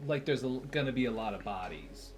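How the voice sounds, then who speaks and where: Relaxed man tabletop player. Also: mid-range voice, fast talker, music in the background. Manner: relaxed, hesitant, many "yeah"s. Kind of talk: casual tabletop play.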